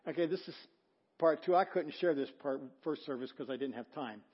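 A middle-aged male pastor preaching a sermon, telling a story with acted-out quotes and swinging from loud to hushed. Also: high-pitched, fairly quick, dull audio. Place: church sanctuary.

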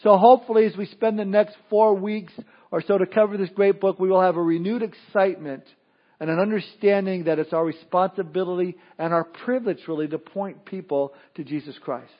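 A pastor with a high voice preaching a sermon, moving between folksy jokes and prayer. The recording is dull and lo-fi, with muffled highs. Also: male voice, fairly even intonation, a little fast. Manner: folksy, joking asides and prayer.

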